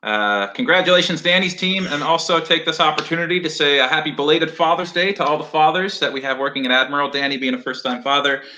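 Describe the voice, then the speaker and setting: This awards co-host talks fast with few pauses, his fairly high voice bright and forceful over slight background noise. Hosting a casual virtual ceremony on a video call, he's jokey, upbeat, and sprinkles in fillers freely.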